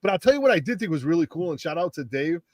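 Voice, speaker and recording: Slightly high-voiced chatty co-host, man. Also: big pitch swings, racing, darkish tone, no echo, clean studio sound. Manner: eager, frequent short agreements. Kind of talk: casual live-stream chat.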